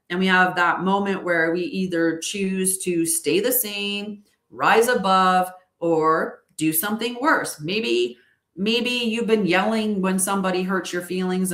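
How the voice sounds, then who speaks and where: A woman's voice: lowish voice, a bit bright, roomy sound. A woman leading a group spiritual session, explaining ideas in a conversational way and often checking in with the listener. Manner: conversational, keeps checking in with "right?". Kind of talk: casual spiritual talk.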